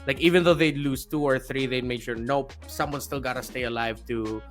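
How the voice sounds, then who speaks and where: A man's voice: medium pitch, steady tone, fairly quick, soft background music. A man, an esports caster, analyzing results and thinking aloud on a recap panel.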